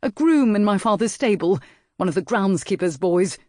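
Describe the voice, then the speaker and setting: A man's voice: sits high, animated, normal speed, a little mellow, dry recording, clean studio sound. A man reading an audiobook and voicing a cold, proud nobleman who speaks in a clipped, snide way. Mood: railing.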